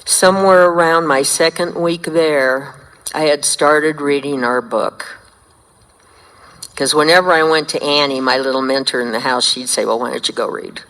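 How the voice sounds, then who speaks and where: A woman's voice: low voice, unhurried. Older woman sharing her story in a hall. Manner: lively storyteller, acts out dialogue. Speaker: speaker sharing recovery story. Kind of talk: recovery meeting share. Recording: long hall reverb.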